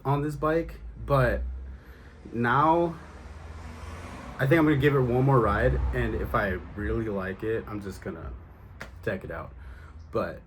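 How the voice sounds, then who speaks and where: A breathless man vlogging outdoors after a bike ride, his voice pitched in an everyday middle range. He rambles casually, with many ums and restarts, and faint street noise hums behind him. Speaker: BMX rider vlogger. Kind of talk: casual vlog talk.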